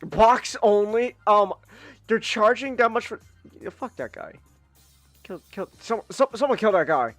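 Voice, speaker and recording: Animated male streamer, loose and joking. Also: high voice, normal speed, pauses often, no room sound, faint music behind. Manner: joking, swears freely, bursts into loud outbursts. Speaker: streamer host. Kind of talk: casual live-stream chat.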